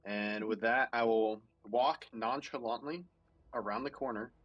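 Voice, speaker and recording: Husky-voiced male tabletop player. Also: mid-range voice, a little slow, lo-fi sound. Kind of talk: casual tabletop role-play.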